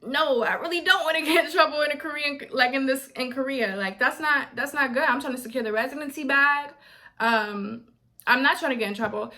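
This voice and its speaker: Animated young woman telling a story. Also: high-pitched, moderate pace. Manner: animated, quotes others in voices. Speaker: vlogger. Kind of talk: casual storytime.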